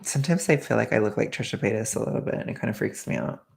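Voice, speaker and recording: Brief: rambling woman streamer, gravelly fry in her voice, chatty with whispered ASMR bits. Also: a bass voice, huge pitch swings, rapid-fire, darkish tone. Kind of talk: casual chat with ASMR whispering.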